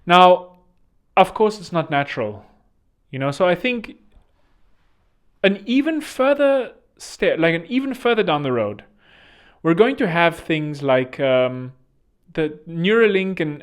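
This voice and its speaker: A male podcast host whose voice sits a little higher than most men's. He rambles through a casual monologue, chatty and loose, dropping joking asides as he goes.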